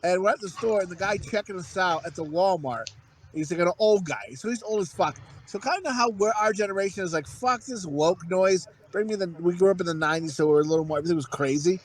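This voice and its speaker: With a high-pitched voice and a fast pace, a man in his thirties co-hosts a podcast, telling crude, rambling stories and acting out quoted lines during casual chat. There's a little hiss or hum on the recording.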